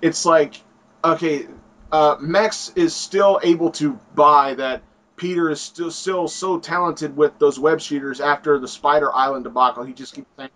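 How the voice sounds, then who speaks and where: Man, casual comic book chat, rambling, slightly high voice. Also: fairly even intonation, moderate pace, fairly bright tone. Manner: rambling, acts out quotes. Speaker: comic book video reviewer.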